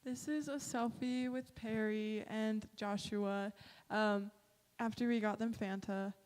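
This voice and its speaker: A woman's voice: medium pitch, fairly even intonation, takes it slowly, darkish tone. Bubbly, giggly woman in a reverberant hall. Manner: bubbly, giggly, uses "like" and "literally". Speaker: mission trip presenter. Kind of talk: casual slideshow presentation. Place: church sanctuary.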